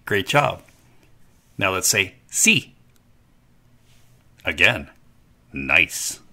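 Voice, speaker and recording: Playful, lively-voiced male language teacher. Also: medium pitch, unhurried. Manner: playful, repeats phrases for learners to echo. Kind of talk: scripted narration for a kids' lesson.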